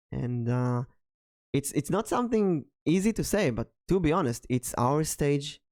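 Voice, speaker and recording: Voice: medium pitch, creaky, a little mellow, dry recording, studio quality. Blunt, jokey podcast co-host. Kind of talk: casual podcast chat.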